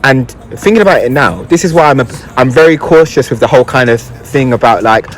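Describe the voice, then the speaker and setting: Man, young adult, guest, casual storytelling, reflective, hesitant, medium pitch. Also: animated, fairly quick, soft background music. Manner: reflective, hesitant, searching for words.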